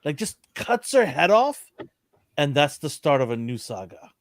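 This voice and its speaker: A man's voice: fairly high pitch, very animated, unhurried, no room sound, studio quality. A man co-hosting a pop culture podcast, talking in an opinionated, ranting way in casual chat. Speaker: podcast co-host.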